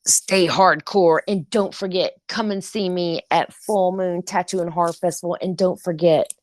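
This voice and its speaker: A woman co-hosting a podcast in casual chat, animated and laughing, swearing freely as she tells stories. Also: on the low side, normal speed, no echo. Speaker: podcast co-host.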